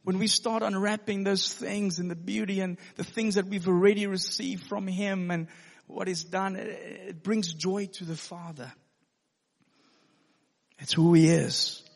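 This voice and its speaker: A pastor telling a personal story in a sermon, earnest and given to laughing. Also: male voice, high voice, fairly even intonation, measured pace, vocal fry. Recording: long hall reverb.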